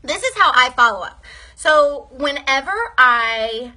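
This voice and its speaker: A woman's voice: sits high, animated, a little slow, sharp tone. A young woman giving a casual training talk to her sales team, upbeat and chatty, often checking in with "okay?".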